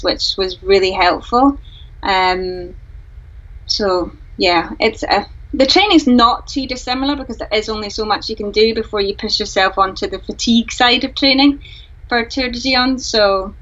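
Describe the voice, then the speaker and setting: A woman's voice: medium pitch, moderate pace, fairly bright tone, highs cut off. A woman from Scotland, a guest on a live-streamed video call, answering frankly and thoughtfully with many fillers. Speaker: ultra runner guest.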